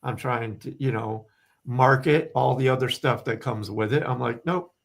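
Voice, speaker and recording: A hoarse man co-hosting a casual spiritual live stream, candid and rambling, who says he is losing his voice. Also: medium pitch, steady tone, moderate pace. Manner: candid, rambling, restarts often. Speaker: co-host, spiritual medium.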